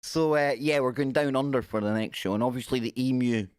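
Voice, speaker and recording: A man's voice: medium pitch, brisk, a little mellow, clear, resonant tone, dry recording, studio quality. A man hosting a casual live stream, chatty and jokey, giggling as he reads out news. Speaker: radio show host.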